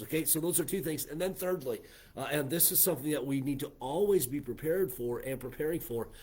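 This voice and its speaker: Casting: American male pastor, husky mid voice, earnest church sermon delivery. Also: medium pitch, a little mellow. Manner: earnest preaching with frequent "uh" and "okay". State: coughing fits.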